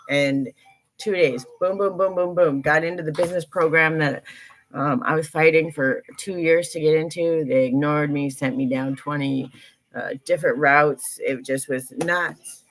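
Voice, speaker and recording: A woman's voice: low voice, steady tone, measured pace, a little hiss or hum, poor audio. A woman hosting a spiritual guidance livestream, talking in a rambling, earnest way with many fillers and repeated phrases. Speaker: intuitive guidance livestream host. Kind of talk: casual spiritual livestream talk.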